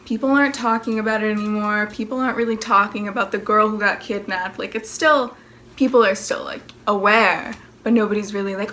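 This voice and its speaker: A woman's voice: medium pitch, steady tone, a little fast, fairly bright tone. A young woman in her late teens telling a casual storytime vlog, sarcastic and profane, full of "like" and mocking impressions. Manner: profane, sarcastic, constant filler "like"; breaks into exaggerated impressions of others. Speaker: vlogger.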